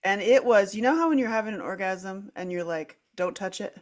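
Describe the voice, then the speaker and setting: Animated middle-aged woman telling a wild story. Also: medium pitch, fairly quick. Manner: animated, dramatic swings in loudness, acts out her own quoted lines; frequent "like" fillers and restarts, laughs through speech. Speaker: podcast host. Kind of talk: candid conversational storytelling.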